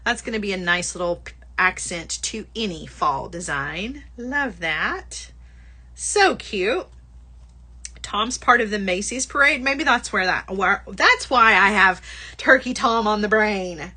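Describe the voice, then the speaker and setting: A woman's voice: mid-range voice, pushed and bright. A woman hosting a casual livestream product showcase, chatty and bubbly, laughing often and gushing over small items. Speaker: host.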